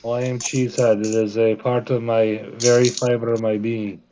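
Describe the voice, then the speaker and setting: A man's voice: medium pitch, flat delivery, moderate pace. A man from Wisconsin chatting casually at a game table, rambling a bit with fillers. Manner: rambling, restarts with many fillers. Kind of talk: casual chat. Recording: slightly dull mic, faint noise.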